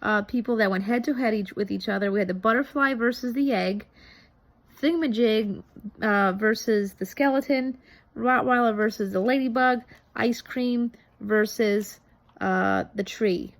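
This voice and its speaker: A woman in her thirties talks casually to camera, reviewing a TV episode. Her voice sits a little high, and she rambles, filling gaps with ums and starting phrases over. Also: moderate pace. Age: 30s. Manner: rambling, many ums and restarts. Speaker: vlogger reviewing a TV show. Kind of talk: casual chat.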